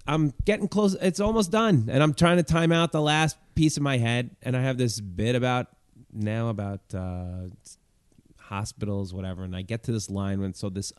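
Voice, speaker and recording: A male comedian telling a story on a podcast, animated and acting out the people in it. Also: mid-range voice, smooth, no echo.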